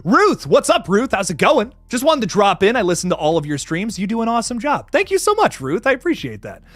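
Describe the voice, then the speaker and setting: A man's voice: high-pitched, wildly swooping pitch, fairly quick, a bit bright, dry recording, faint music behind. A young man hosting a casual livestream who reads out viewer messages, laughs often, stumbles over his words and swears casually. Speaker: livestream host. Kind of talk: casual live chat reading viewer messages.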